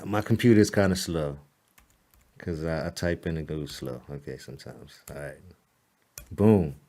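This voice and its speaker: This is a casual tutorial captured on screen, with a man explaining website editing to a client. His delivery is chatty and unhurried; "all right" and "boom" recur often, he pokes fun at himself with a laugh, and he mumbles at the slow machine.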